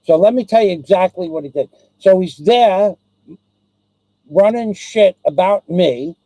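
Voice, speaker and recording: A man's voice: sits high, expressive, measured pace, mellow, no room sound, poor audio. A man hosting his own live stream, ranting and rambling, swearing constantly and repeating himself.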